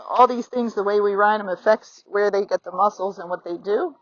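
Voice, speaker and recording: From the saddle, a middle-aged woman coaches a rider outdoors, warm and chatty, acting out the horse's and rider's thoughts. Her voice is medium in pitch and a little fast. The dry recording comes from a phone mounted on the rider and sounds slightly dull and lo-fi.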